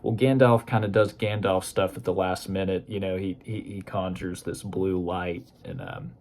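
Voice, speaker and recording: A man's voice: low voice, expressive, normal speed, a little mellow. A man casually talking through a book he read, rambling loosely and hedging often with "you know" and "kind of". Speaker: book discussion host. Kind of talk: casual spoken book review.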